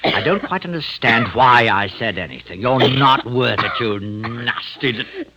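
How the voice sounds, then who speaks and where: An actor playing a genteel middle-aged poisoner in a 1950s radio drama, who narrates, wheedles and turns cruel. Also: male voice, mid-range voice, lively intonation, a little slow, pushed and bright, poor audio. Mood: venomous. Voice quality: theatrical, wheedling then venomous.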